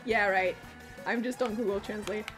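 A woman's voice: medium pitch, steady tone, moderate pace. A French-Canadian woman with a Quebec accent, chatting casually and swearing while streaming a game, her voice strained from a sore throat. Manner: chatty, swears a lot, laughs often. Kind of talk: casual gaming stream chat. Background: game music.

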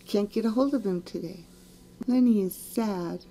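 A woman's voice: medium pitch, moderate pace, mellow, a little hiss or hum. A woman narrating a video in a casual, explanatory way, sometimes dropping into murmured asides. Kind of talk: casual screen commentary.

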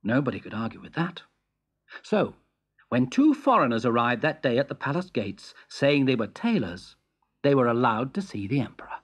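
A storyteller narrating a fairy tale in a clear, expressive reading voice. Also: mid-range voice, normal speed.

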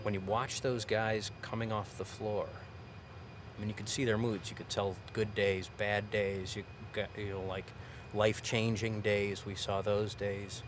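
A man's voice: lowish voice, little pitch movement, measured pace, noisy background. A man speaking reflectively and hesitantly in a documentary interview.

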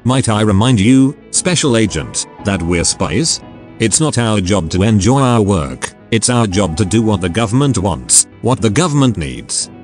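A man's voice: on the low side, moderate pace, faint music behind. A man's synthetic text-to-speech voice reading the lines of a cold, ruthless male spy handler. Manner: flat synthetic delivery.

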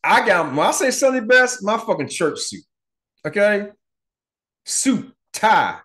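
A middle-aged podcast host tells his own story in a loose, conversational monologue. He swears freely and jumps into the voices of the people he quotes. His delivery swings between lively, raised bursts and quieter, lower stretches. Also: unhurried. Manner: animated, profane, acts out quoted people.

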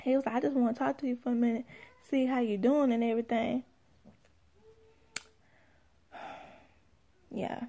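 Young woman, AAVE, high gravelly voice, sassy storyteller acting out quotes. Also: unhurried, pauses often. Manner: animated, sassy, acts out quotes. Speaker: mother telling a story. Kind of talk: casual storytelling.

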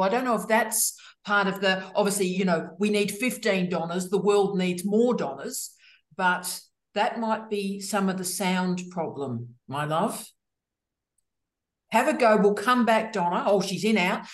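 A woman hosting online office hours on a video call, greeting people in an effusive, teasing way. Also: mid-range voice. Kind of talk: casual video call chat. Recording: roomy echo.

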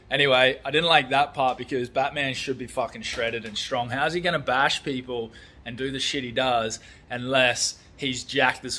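A man with a bright, forceful, mid-range voice vlogs in a casual, blunt, sweary way. He's a construction worker who rants about a film and chats about his building work.

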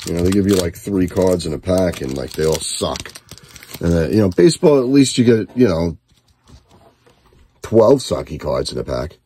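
A man's voice: deep voice, animated, moderate pace, warm tone, breathy edge. A middle-aged man chatting casually while opening card packs with his son, giving wry, grumbling running commentary. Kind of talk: casual chat.

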